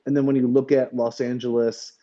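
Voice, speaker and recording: A man chatting on a podcast in a mellow, dark-toned voice, rambling and hesitant, stopping and restarting often. The audio is dull and lo-fi. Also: mid-range voice, level tone, fairly quick. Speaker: podcast co-host. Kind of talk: casual podcast chat.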